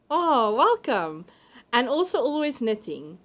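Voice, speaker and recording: A woman's voice: medium pitch, moderate pace. South african lady chatting on her live stream from home, laughs a lot, reads out comments, easygoing. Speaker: livestream host. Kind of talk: casual chat reading viewer comments.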